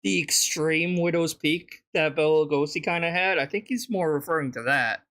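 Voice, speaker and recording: Bright-voiced man mocking a clip. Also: on the high side, normal speed. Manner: mocking, sarcastic asides over a playing clip. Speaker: stream host reacting to clips. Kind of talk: reaction stream commentary.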